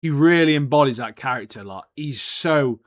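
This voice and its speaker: A young man co-hosting a podcast, talking in excitable, slangy casual chat and saying "mate" a lot. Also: medium pitch, moderate pace, no room sound. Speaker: podcast co-host.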